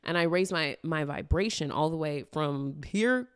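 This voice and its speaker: A young woman with a low, dusky voice speaks casually on a podcast. She rambles with constant fillers and speaks frankly, with a swear word here and there. The recording is close and dry, in a small room. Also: measured pace, clear, resonant tone, no echo. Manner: rambling and candid, heavy use of "like", with swearing. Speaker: podcast host.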